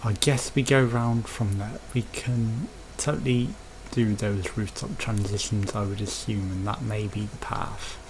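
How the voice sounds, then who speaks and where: A man's voice: on the low side, fairly even intonation, a little slow, few pauses, background noise. A man with a Birmingham accent giving chatty, rambling commentary while playing a video game. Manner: rambling, chatty, thinking aloud. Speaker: let's play host. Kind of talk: casual gameplay commentary.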